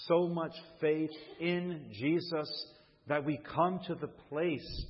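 Husky guy preaching a sermon in a big church, long echo, kinda muffled sound, keeps asking the crowd for an amen. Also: a little high. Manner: calls out to the congregation for responses; repeats and restarts phrases while preaching. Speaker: pastor. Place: church sanctuary. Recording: long hall reverb, dull muffled sound.

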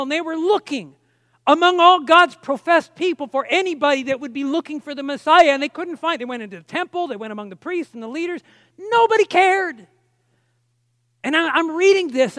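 A man's voice: extremely high pitch, bright, forceful tone, no echo, studio quality. A man preaching a personal testimony sermon, telling the story with strong emotion and frequent restarts.

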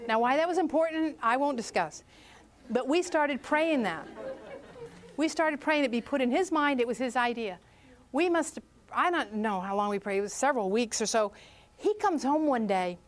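A high-voiced middle-aged woman speaks to a group about prayer. She tells her story in a lively way and acts out what each person said. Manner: animated, acts out quoted voices. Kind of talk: storytelling talk.

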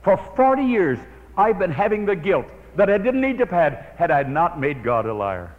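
A man's voice: high-pitched, very animated, moderate pace, voice pushed up. A man voicing a tearful, repentant older woman from the church, speaking earnestly and pleading. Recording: dull old recording in a reverberant hall.

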